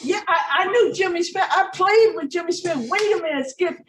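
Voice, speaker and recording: Animated storytelling woman, echoey and distant. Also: very high-pitched, normal speed. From North Omaha, Nebraska. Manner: animated, acts out other people's voices in her stories. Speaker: guest musician. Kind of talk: casual storytelling interview. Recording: echoey, distant room sound.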